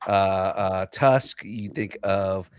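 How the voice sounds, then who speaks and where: A man hosting a casual podcast, excitable and loose, swearing freely. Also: deep voice, takes it slowly, clean tone, no echo, studio quality. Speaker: podcast host.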